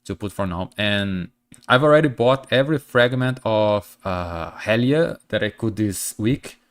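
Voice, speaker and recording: A man's voice: on the low side, animated, measured pace. A man streaming casually, speaking English as a second language with a stuffy blocked nose, chatting to his viewers with many fillers and restarts. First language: not English.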